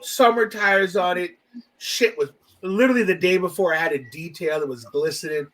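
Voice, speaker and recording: Podcast co-host, male, high bright voice, animated and profane storyteller. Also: a little fast, low-quality recording. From Canada. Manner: animated storyteller, swears freely. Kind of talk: casual chat.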